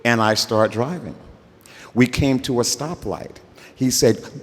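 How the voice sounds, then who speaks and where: An older man telling a story live on stage, relaxed and conversational, acting out the voices of the people in it. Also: mid-range voice, slow pace. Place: festival workshop stage. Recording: reverberant stage sound.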